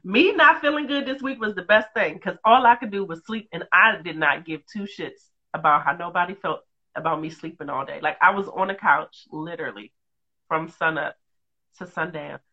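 A woman's voice: on the low side, moderate pace. A woman in her thirties chatting casually, telling profane stories with lots of laughter. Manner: animated, laughing, profane storytelling. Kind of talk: casual chat. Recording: dull lo-fi sound.

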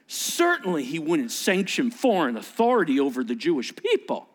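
Lively pastor preaching with playful asides. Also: male voice, fairly high pitch, unhurried. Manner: animated, acts out voices with sarcastic asides. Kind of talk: sermon.

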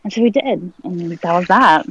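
A woman's voice: on the low side, lively intonation, moderate pace, a bit bright, slightly rough. Candid woman in her twenties, lo-fi. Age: 20s. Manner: candid, filler-heavy, reenacts dialogue. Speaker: guest. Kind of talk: personal storytelling in conversation.

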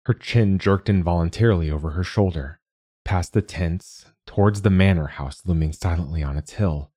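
Deep, husky male audiobook narrator. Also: moderate pace, dark tone, no echo, clean studio sound. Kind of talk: scripted narration.

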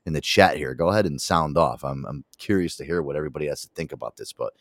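A man's voice: a bass voice, fast talker, no echo, studio quality. A man with a New York accent hosting a casual podcast chat, swearing freely and laughing often. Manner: profane, animated, laughs often. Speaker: podcast host.

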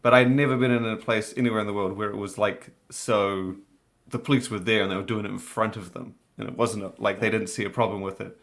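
A man's voice: on the low side, fairly even intonation, fast talker, a bit bright. A man in casual chat, telling a travel anecdote in a rambling, laid-back way with many fillers.

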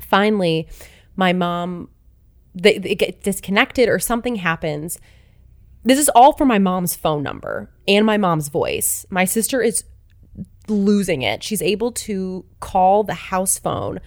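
A woman's voice: medium pitch, unhurried, no room sound, studio quality. A woman podcast co-host with a cold, sniffling as she tells a story in casual chat. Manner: animated storytelling, quotes family members.

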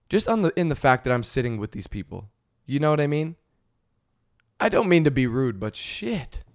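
A man hosting a podcast, ranting casually and comedically in a profane, exasperated, rambling way. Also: mid-range voice. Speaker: podcast host.

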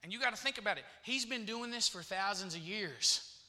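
High bright-voiced man preaching. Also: lively intonation, a little fast. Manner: repeats phrases, calls out to the congregation. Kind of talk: sermon. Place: church hall with congregation.

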